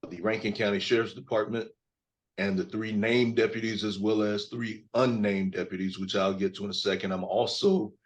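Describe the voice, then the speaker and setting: Hoarse low-voiced man in his fifties. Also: steady tone. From Mississippi. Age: 50s. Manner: measured, with frequent fillers. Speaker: attorney. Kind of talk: press conference statement.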